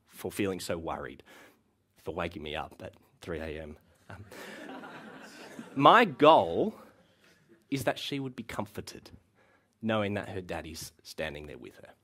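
A man's voice: sits low, measured pace, long pauses, husky. A man in his thirties preaching a sermon as a pastor, talking in a conversational way with frequent ums and uhs. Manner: lively, conversational delivery with frequent uh and um.

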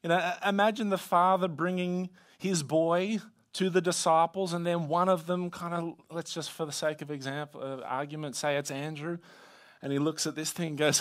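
Preacher, man, fairly high voice, casual teaching tone with jokey asides. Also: level tone, normal speed. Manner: conversational, playful asides. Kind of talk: sermon.

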